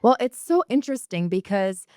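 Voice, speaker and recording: Woman interviewer, slow and bright. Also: mid-range voice, very animated, no room sound, clean studio sound. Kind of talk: interview questions.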